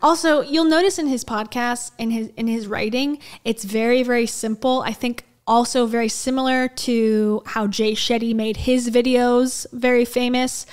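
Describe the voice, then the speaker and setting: A woman's voice: a little high, steady tone, normal speed, hardly any pauses, smooth. A woman hosting a casual commentary video, talking in a wry, sarcastic, chatty way with plenty of fillers.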